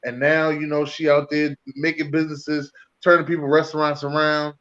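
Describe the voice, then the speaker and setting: A man in casual podcast chat, easygoing and fond of repeating himself. His voice sits a bit high and comes through on slightly dull, lo-fi audio. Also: little pitch movement, moderate pace, fairly bright tone. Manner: laid-back, easygoing, repeats phrases. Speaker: podcast co-host.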